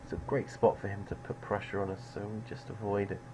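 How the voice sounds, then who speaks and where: A man's voice: fairly low pitch, flat delivery, quick pace, background noise. A man streaming live poker, musing over players in a dry, sardonic way.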